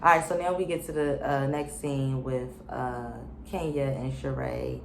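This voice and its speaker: A woman's voice: rumbling low, steady tone, a little slow, vocal fry, reverberant, slight background noise. A woman casually recapping a reality show, chatty and opinionated, with lots of fillers and slang.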